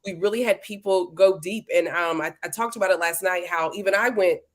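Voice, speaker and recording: A livestream host runs a live interview stream, chatting casually and playfully and greeting viewers by name. Her voice is on the low side and a little fast, captured through a livestream setup.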